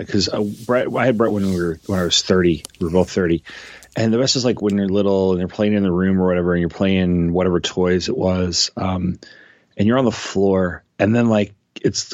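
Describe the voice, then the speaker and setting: A man in his forties co-hosting a podcast in casual chat, halting and self-deprecating, laughing often. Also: sits low, dry recording, dull audio. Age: 40s. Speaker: podcast co-host.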